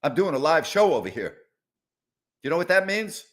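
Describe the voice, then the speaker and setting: A man's voice: a little high, very animated, normal speed. A middle-aged man hosting a live sports talk show from a house, rambling and sarcastic, exasperated as he talks back to his audience. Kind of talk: live call-in show chat. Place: house, indoors.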